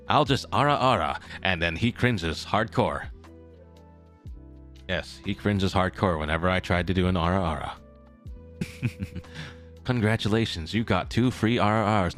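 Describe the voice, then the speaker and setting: Low, bright-voiced young male streamer. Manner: rambling, self-correcting, repeats phrases. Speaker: streamer in character as a traveling merchant. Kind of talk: casual live-stream chat to viewers.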